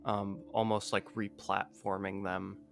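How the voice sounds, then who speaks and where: Lower-voiced young man, casual and swearing. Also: little pitch movement, a little slow, creaky, fairly bright tone, faint music behind. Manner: casual, swears freely, peppered with "like". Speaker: podcast co-host. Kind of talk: casual podcast chat.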